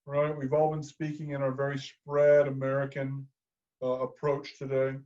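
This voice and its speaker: A man leading a choir through vocal warm-ups, coaching in a calm, encouraging way. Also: mid-range voice, moderate pace, highs cut off. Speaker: choir director.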